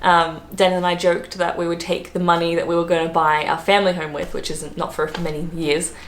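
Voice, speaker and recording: A hungover Australian woman chatting casually to camera as a travel vlogger, full of fillers and quick laughs. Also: on the low side, flat delivery. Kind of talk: casual vlog chat. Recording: roomy echo, faint background noise.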